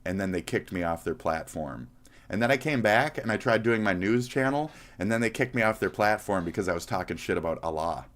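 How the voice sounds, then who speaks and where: Bright-voiced profane streamer man from Minnesota. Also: lowish voice, expressive, a little fast. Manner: profane, blunt ranting. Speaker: livestreamer. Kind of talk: casual live-stream reaction talk.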